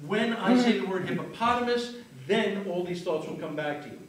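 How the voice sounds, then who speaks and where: A man working as a stage hypnotist, giving slow soothing suggestions and apologetic banter to volunteers. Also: high voice, lively intonation, recorded from a distance. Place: live venue with audience. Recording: echoey room, taped from afar.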